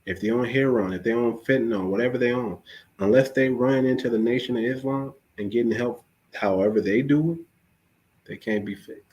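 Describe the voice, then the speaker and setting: A man's voice: mid-range voice, fairly quick, a little mellow, lo-fi sound. Preachy male podcast host. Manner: preachy, exhorting listeners with repeated phrases. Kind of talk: casual preachy podcast talk.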